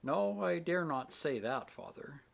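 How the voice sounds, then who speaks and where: An earnest, devout young woman pleads softly but firmly, her voice husky and raised, moving through a lively melody. A man voices her in an audiobook reading. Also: on the high side, measured pace, pitched above the performer's own voice, full character voice. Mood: earnest pleading.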